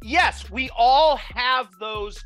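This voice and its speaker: A man talking as a guest in a podcast interview, telling his story in an emphatic, animated way. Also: very high-pitched, very slow, no room sound, faint music behind.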